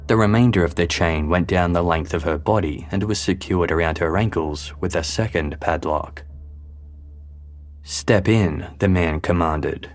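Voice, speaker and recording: Deep-voiced man narrating true crime. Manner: measured, grave storytelling. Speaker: podcast host.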